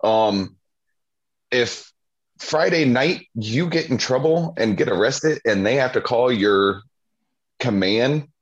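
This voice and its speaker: Slow drawling low-voiced man, lo-fi sound. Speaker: podcast co-host. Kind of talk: casual chat. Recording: dull lo-fi sound.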